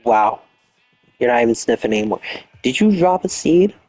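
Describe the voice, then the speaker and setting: Lying down late at night as he plays a game, a young male streamer mutters and swears in frustration, breaking into half-whispered outbursts. His mid-range voice is very animated and a little mellow, at a normal speed, with soft music in the background.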